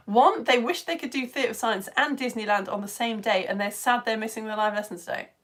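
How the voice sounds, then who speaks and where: A British woman hosts a live online science lesson for home-educated kids, reading out viewers' chat messages in a bubbly, chatty manner and laughing often. Her voice is fairly high and brisk, with a fairly bright tone.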